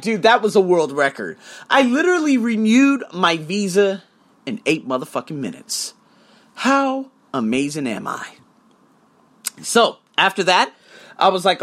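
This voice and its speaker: A man's voice: high-pitched, measured pace. A young man hosting a podcast, telling stories in a casual, profane way and acting out quotes. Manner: animated, profane, acts out quotes. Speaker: podcast host. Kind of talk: casual storytelling monologue.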